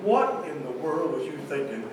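A man telling a humorous story to a church audience in a folksy, animated way. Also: fairly high pitch, moderate pace, noisy background. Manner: folksy, animated, Southern-style "y'all" talk with quoted voices. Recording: echoey hall, distant mic.

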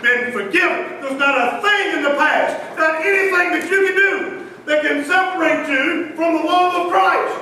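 A man delivers a dramatic sermon in a very high, bright voice, rising to shouts and dropping to hushed quotes. He is heard from a distance in a strongly echoing church hall. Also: normal speed, few pauses, a little hiss or hum. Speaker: preacher. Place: church sanctuary.

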